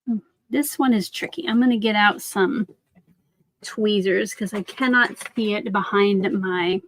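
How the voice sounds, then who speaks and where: A woman's voice: mid-range voice, unhurried, no echo. A woman hosting a craft livestream, chatting casually and answering viewer comments while she works, often saying "like".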